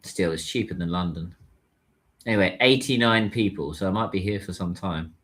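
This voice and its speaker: A man's voice: low-pitched, moderate pace, a bit bright. A man chatting casually on a livestream while he waits in a taxi queue, musing aloud and answering viewers' comments. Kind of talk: casual live-stream chat.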